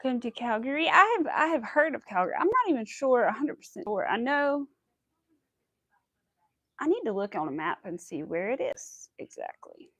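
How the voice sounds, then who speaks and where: A woman's voice: a little high, normal speed, no echo. Chatty woman crocheting on a livestream. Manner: chatty, rambling, animated retelling with quoted asides. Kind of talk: casual chat while crocheting.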